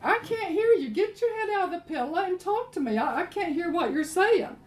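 Woman doing a sugary fawning queen, high sweet voice, roomy echo. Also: animated, brisk, slight background noise. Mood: cooing. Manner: syrupy, cooing. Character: fawning, coddling queen wife, adult woman.

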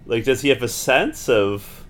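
A man's voice: mid-range voice, animated, a little slow, fairly bright tone. Rambling man with lots of "like". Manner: rambling, heavy use of "like". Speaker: podcast co-host. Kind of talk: casual recap chat.

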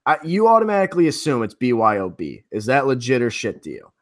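A man co-hosting a podcast in relaxed, casual banter with some casual swearing. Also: mid-range voice, fast. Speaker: podcast co-host.

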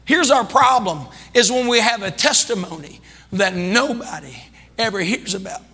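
A man preaching a sermon as pastor, calling out to the congregation and building into shouting. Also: sits high, animated, normal speed, husky, long reverb tail. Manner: calls out to the congregation. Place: church sanctuary.

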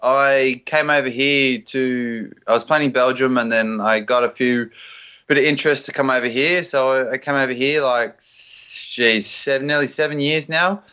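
Bright, easygoing Australian man, casual chat, web call. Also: mid-range voice, fairly even intonation, moderate pace, clear, resonant tone. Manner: easygoing, laid-back, says mate. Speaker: guest, adventure athlete. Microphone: Skype call.

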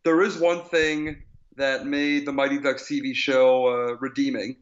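A man co-hosting a podcast in casual, joking chat, speeding up when he gets excited. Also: medium pitch, unhurried. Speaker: podcast co-host. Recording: dull lo-fi podcast audio.

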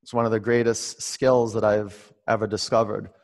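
A man teaching a guided online yoga class, mixing calm meditative coaching with direct instructions and calling students by name. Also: lowish voice, moderate pace.

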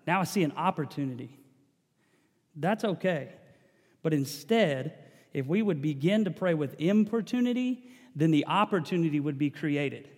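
A man with a slightly high voice preaches a sermon, building in intensity and repeating his phrases. His voice rings out with a long reverb, as if in a large hall. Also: a little mellow. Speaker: pastor.

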